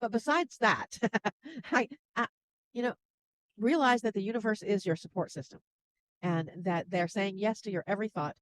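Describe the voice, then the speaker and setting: A woman guest who works as a spiritual channel, speaking gently and laughing softly between thoughts. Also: medium pitch, normal speed, low-quality recording. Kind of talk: casual interview chat.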